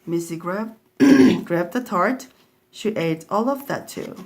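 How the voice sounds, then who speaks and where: A woman reading a children's storybook aloud in a steady, clear storytelling manner. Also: on the low side, slow. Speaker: storybook reader.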